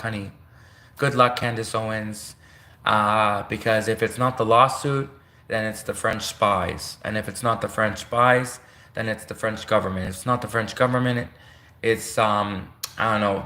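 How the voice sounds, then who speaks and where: A man's voice: medium pitch, sharp tone, reverberant. A man from Canada talking in a rambling, meandering casual monologue, full of restarts and asides, seated at home. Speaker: vlogger. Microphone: home desk setup, seated in chair.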